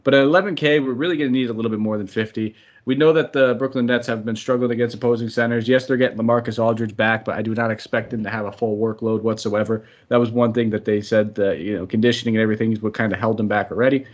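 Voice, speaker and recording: A man's voice: fairly low pitch, steady tone, fast, hardly any pauses, lo-fi sound. A man hosting a podcast, upbeat and chatty, running through sports analysis and sometimes tripping over names. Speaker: podcast host.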